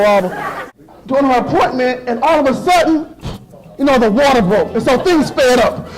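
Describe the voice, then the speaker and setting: A man in his thirties giving a motivational speech to students, telling stories in an animated way and acting out voices and sound effects. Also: extremely high pitch, moderate pace, a crowd in the background, rough recording. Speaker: motivational speaker. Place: school assembly.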